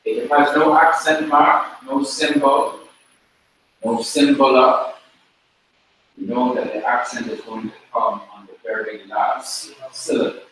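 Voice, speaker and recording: A man teaching a class, talking slowly and repeating words for the students to drill. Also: medium pitch, fairly even intonation, fairly bright tone. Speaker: Hebrew teacher. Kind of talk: classroom lecture. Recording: very echoey room, mic far off, faint noise.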